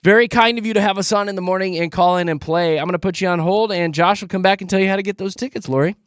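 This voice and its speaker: A man hosting a morning radio show, teasing callers in playful, animated banter. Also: sits high, racing, clear, resonant tone, dry recording, clean studio sound.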